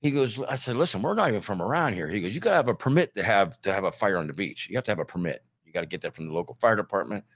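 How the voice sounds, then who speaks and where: A man's voice: on the low side, lively intonation, rapid-fire, few pauses, a bit bright, husky. A middle-aged man from Ohio telling a band road story in casual chat, easygoing and quoting people in dialogue. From Ohio, near Youngstown.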